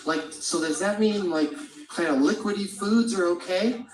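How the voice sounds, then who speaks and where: A man's voice: high-pitched, normal speed. Guy doing stand-up, rambling profane stories, echoey club sound, mic kinda far off. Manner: loose, profane, rambling storytelling. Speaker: stand-up comedian. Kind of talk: stand-up comedy set. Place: comedy club stage. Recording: roomy live club sound from a distant mic.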